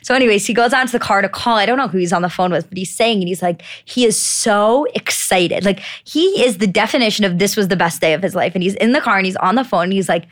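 A woman's voice: medium pitch, fast, hardly any pauses. A woman co-hosting a podcast in casual chat, rambling along with lots of "like" and free swearing. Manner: rambling, heavy use of "like", swears freely. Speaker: podcast co-host.

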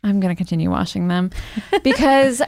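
A woman's voice: mid-range voice, expressive, moderate pace, creaky, a little mellow, dry recording, clean studio sound. A woman co-hosting a casual chat, rambling and giggly, with many restarts.

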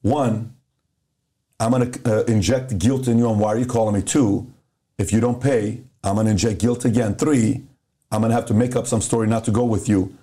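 A man with a dark, mellow voice talks through his reasoning on a casual podcast. He counts off his points one by one in a direct, conversational way. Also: on the low side, fairly even intonation, normal speed. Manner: explains step by step, counting off points. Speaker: podcast host.

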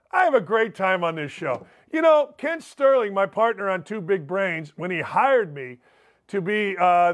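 An older man hosting a sports radio show, ranting in a sarcastic, mocking monologue and reading out listener messages. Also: high voice. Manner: reads listener messages aloud. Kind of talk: opinionated talk radio monologue.

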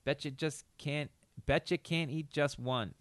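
A man's voice: a little high, measured pace, no echo. A man hosting a casual quiz, reading slogans and teasing the contestants. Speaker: quiz host.

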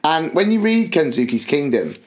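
In a fairly high voice at a moderate pace, a male podcast co-host chats and tells tales, playing out quoted lines from the people he describes.

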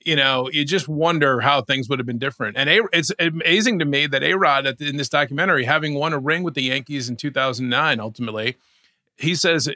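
A man co-hosting a casual sports chat, talking in a rambling, animated way with frequent restarts and asides. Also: mid-range voice, fast talker, no room sound, studio quality. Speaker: podcast co-host.

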